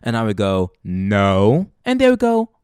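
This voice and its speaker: A woman's voice: very deep voice, wildly swooping pitch, fast talker, mellow, clear, resonant tone, no echo. A young adult woman hosting a podcast, delivering an impassioned monologue full of swearing and emphatic ranting. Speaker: podcast host.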